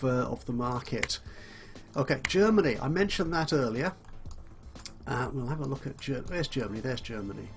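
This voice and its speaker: A man's voice: on the high side, fairly bright tone. A man casually commentating a management game he is playing, musing aloud and correcting himself as he goes. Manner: musing, self-correcting, chuckles often. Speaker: let's play host. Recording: faint music behind.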